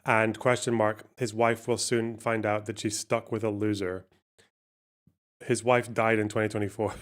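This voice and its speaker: A man's voice: fairly low pitch, level tone, moderate pace. Guy on a live stream, sarcastic, swears a lot, reads out donos. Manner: sweary, sarcastic, laughs often. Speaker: livestream host. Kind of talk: casual stream commentary, reading donations.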